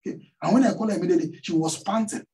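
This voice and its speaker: Pastor preaching from a distance. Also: male voice, high-pitched, very fast, warm tone. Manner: storytelling with call-and-response questions to the congregation. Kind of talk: sermon. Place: church hall.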